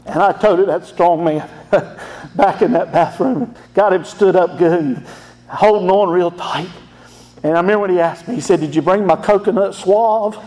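A man's voice: high voice, normal speed, a little mellow. A middle-aged man, a pastor telling an emotional family story in a folksy sermon.

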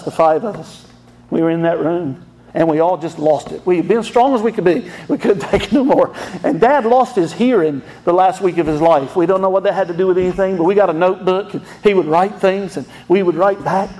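High-voiced folksy preacher man. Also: fairly quick, darkish tone. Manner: folksy, emotional storytelling with laughs. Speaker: pastor. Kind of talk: storytelling sermon.

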